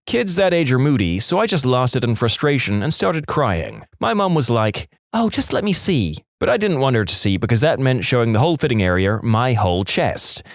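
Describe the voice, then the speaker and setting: A man reading reddit stories aloud, expressive with wry asides. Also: medium pitch, brisk, few pauses, dry recording, clean studio sound. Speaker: story narrator.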